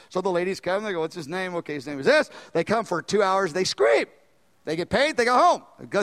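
An older male pastor preaching with a high, lifted voice. He talks animatedly, pushing some phrases out loudly and dropping into low, quick asides. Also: big pitch swings. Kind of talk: sermon.

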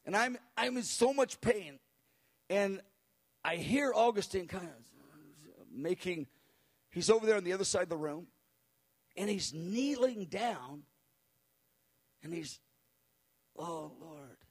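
A man recounting a spiritual experience as an animated personal testimony, acting out the people he quotes and chuckling as he goes. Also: high voice, takes it slowly, long pauses. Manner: acts out the people he quotes, with cries and hushed voices.

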